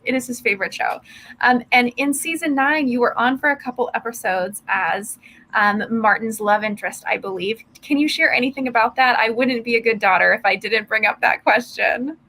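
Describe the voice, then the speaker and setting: Woman co-host, upbeat, higher voice, faint background noise. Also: bright, forceful tone, poor audio. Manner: upbeat, with frequent "um" fillers. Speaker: fundraiser stream co-host. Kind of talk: livestream hosting and interviewing.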